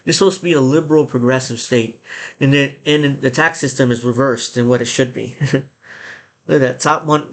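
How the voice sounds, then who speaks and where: A man talks through a video in loose, casual reaction commentary. He is blunt and animated, cursing freely and breaking into laughter, with a mid-range voice at an everyday pitch. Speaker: YouTube commentator.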